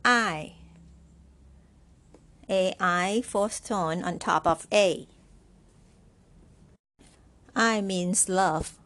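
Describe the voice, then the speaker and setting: Give me a woman language teacher who speaks very slowly and repeats each word like a dictation test. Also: fairly low pitch, a bit bright. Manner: spells pinyin letter by letter and repeats words. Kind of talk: slow, careful lesson dictation.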